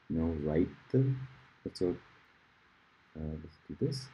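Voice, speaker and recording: A man teaching a casual music lesson at a board, rambling, with loud bursts of emphasis and murmured asides. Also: very deep voice, expressive, slow, long pauses, husky, dull audio.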